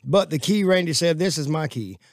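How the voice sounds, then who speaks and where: A man's voice: fairly high pitch, expressive, fairly quick, no room sound, clean studio sound. A man at a group table speaking earnestly and candidly about his own habits. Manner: earnest, confessional. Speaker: group member. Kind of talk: casual group talk.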